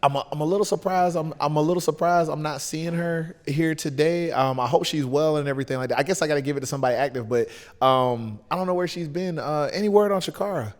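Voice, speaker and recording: A man's voice: a little high, quick pace, few pauses, long reverb tail. A man with a Southern US accent, a wrestler guest chatting casually on a podcast in a loose, laid-back way with lots of fillers.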